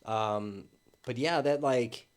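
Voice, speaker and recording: A man's voice: medium pitch, takes it slowly. A man speaking as an interview guest, conversational and a little hesitant, agreeing often. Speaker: journalist guest. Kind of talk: casual interview talk.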